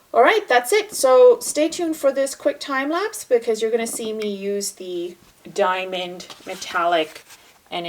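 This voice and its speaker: A woman teaching a watercolour painting tutorial in a casual, chatty way, talking softly as she paints and sometimes dropping to a near-whisper. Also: on the low side, slight background noise, low-quality recording. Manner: chatty and relaxed, with fillers and self-corrections.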